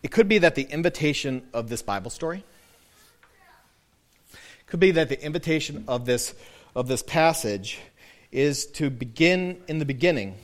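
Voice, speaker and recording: A male pastor giving a casual, conversational sermon, slowing down and softening for quoted lines. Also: fairly high pitch. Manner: lively, conversational preaching with soft, slowed quoted lines.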